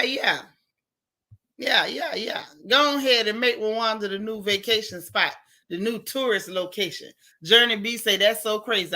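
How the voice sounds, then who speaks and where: Sassy, bright-voiced woman livestreaming. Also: a little high. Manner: sassy, emphatic commentary; addresses viewers by name. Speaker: livestream host reading viewer comments. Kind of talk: casual chat.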